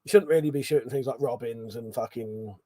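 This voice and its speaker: A man's voice: medium pitch, brisk, warm tone, a little hiss or hum. A British man hosting a casual late-night livestream. He is tipsy, laughs often, swears freely and reads chat comments aloud. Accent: British English. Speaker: livestream host.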